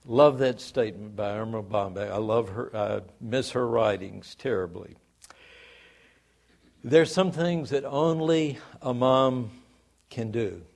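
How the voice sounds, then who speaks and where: A male pastor reading scripture, praying and telling a story in a sermon, his phrase ends dropping quiet. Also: mid-range voice, takes it slowly, vocal fry.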